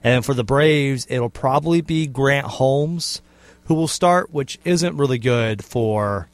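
A man's voice: mid-range voice, takes it slowly, no room sound. A man on sports radio giving hedged game predictions in casual chat.

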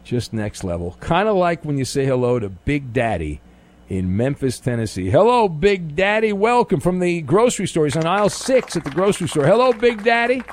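A man hosting a call-in radio show, bantering with callers in a sarcastic, animated way. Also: mid-range voice, brisk, slight background noise. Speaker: radio host.

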